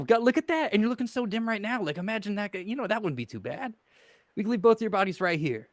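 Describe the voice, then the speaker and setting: A man playing a calm, menacing undead hero. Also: medium pitch, no echo, natural voice. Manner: measured, persuasive, quietly menacing. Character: adult male undead hero with a put-on accent, calm and persuasive. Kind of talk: in-character role-play.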